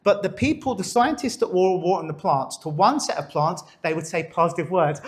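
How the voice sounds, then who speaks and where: Talking a little fast with few pauses, a high-pitched male hypnotist leads a volunteer through a live demonstration on stage, coaxing and instructing him before the audience.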